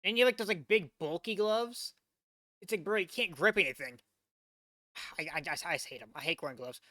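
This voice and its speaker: A man's voice: sits high, animated, brisk, sharp tone, no echo, clean studio sound. A man from the United States hosting a casual reaction stream. He rambles, stammers and restarts constantly, fills every gap with "like", and swears when something surprises him. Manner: incredulous, swearing. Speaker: VTuber reaction host.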